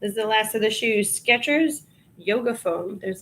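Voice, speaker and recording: A woman's voice: fairly high pitch, lively intonation, moderate pace, a bit bright, slight background noise. Chatty woman streaming from Long Island. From Long Island, New York. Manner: chatty, laughs often, talks to viewers, reads out item details. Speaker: reseller livestream host. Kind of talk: casual livestream chat while processing inventory.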